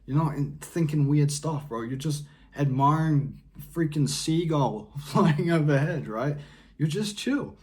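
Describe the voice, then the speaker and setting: A man's voice: on the high side, expressive, a little slow. A young man vlogging casual advice in a laid-back, rambling way, peppering his talk with slang. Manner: rambling, often trails off and restarts.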